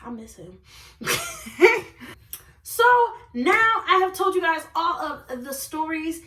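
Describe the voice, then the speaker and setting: A young woman telling a dating story in a storytime vlog, animated and laughing often. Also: extremely high pitch, takes it slowly, roomy sound, far from the mic. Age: young adult. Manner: animated, laughs often, says okay and like a lot. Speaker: vlogger.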